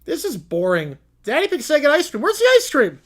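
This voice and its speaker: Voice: high-pitched, huge pitch swings, fairly quick, voice pushed up. A streamer voicing a bossy, spoiled little girl piglet in a read-aloud story, whiny and demanding.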